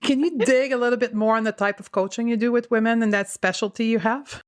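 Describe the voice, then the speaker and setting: A woman's voice: on the high side, fairly even intonation, fast, dry recording. French accent lady hosting a podcast, engaged, dry close sound. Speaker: podcast host. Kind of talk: podcast interview conversation.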